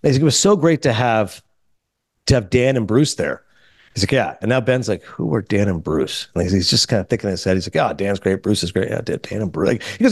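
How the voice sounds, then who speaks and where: A middle-aged man hosting a podcast, telling a story in casual chat and quoting people in quick back-and-forth. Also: mid-range voice, no room sound, studio quality. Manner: animated, quotes others in quick back-and-forth. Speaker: podcast host.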